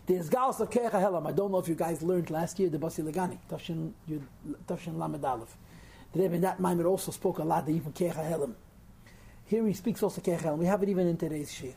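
A man's voice: high-pitched, gravelly, a little mellow. A man leading a text lesson for a small group. He explains carefully, stresses key terms and makes dry, self-mocking asides. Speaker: teacher of a Hasidic text class.

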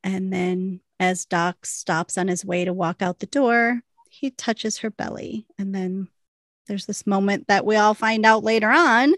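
A woman's voice: mid-range voice, a little slow, fairly bright tone, no echo, clean studio sound. A young woman co-hosting a podcast, recapping episodes in a rambling, chatty way full of fillers and laughter. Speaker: podcast co-host. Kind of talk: casual recap chat.

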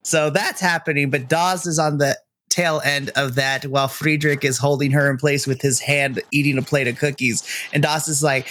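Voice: medium pitch, level tone, moderate pace, hardly any pauses, a bit bright. A game master narrating a tabletop scene in a rambling way, full of likes and restarts.

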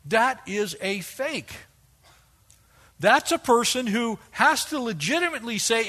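A man preaching a sermon, animated and fond of acting out quoted voices. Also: very high-pitched, a little slow. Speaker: pastor.

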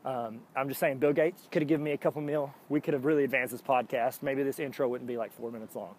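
A man's voice: mid-range voice, fairly even intonation, fast, darkish tone. A man hosting his own podcast, talking casually in a jokey, rambling way and restarting often to poke fun at himself. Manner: jokey, upbeat. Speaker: podcast host. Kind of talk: casual solo podcast monologue.

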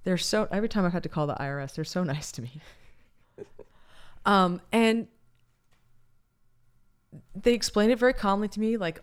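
A woman's voice: medium pitch, moderate pace, pauses often, smooth. A woman co-hosting a casual chat, candid and blunt, swearing freely and restarting her sentences.

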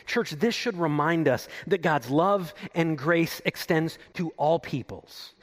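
A man preaching a sermon, reading scripture aloud and explaining it, swinging from loud emphatic lines to hushed low asides. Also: measured pace, hardly any pauses. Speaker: pastor.

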